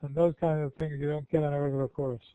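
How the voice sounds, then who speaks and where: A man's voice: on the high side, flat delivery, fast talker, dark tone, smooth, no room sound. An older man giving an informal, rambling question-and-answer talk to students, folksy and often correcting himself. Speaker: guest speaker. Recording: tinny phone-like line.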